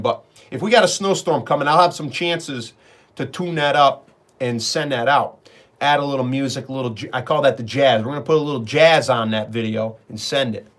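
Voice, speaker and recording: A middle-aged man talks casually on a live stream. He rambles from one story to the next and calls out viewers by name. His voice sits slightly higher than most men's. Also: fairly bright tone.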